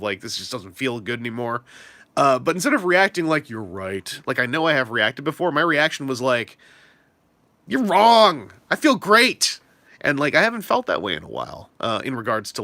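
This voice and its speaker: A young man chats loosely to his livestream audience, rambling with lots of "uh" and "like". His voice is bright and very lively in pitch. He sounds dry and close to the mic. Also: no room sound. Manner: rambling, self-deprecating, lots of fillers. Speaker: streamer. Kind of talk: casual livestream chat.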